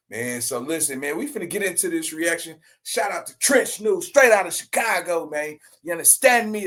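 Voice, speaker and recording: A young man hosting a rowdy reaction commentary show, shouting, laughing and dropping to mutters. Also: fairly high pitch, sing-song, normal speed. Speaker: YouTube commentary host. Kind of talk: loud animated reaction commentary.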